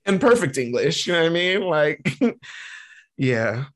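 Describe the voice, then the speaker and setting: A man co-hosting a podcast in casual chat, animated and laughing often. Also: a little high, slow. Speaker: podcast co-host.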